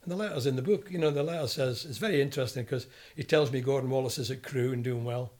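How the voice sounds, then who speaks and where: Older Scottish ex-footballer, lively storyteller who mimics the people he quotes. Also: mid-range voice, fast talker. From Scotland. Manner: animated storyteller, acts out quoted voices. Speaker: guest, former footballer. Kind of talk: storytelling interview.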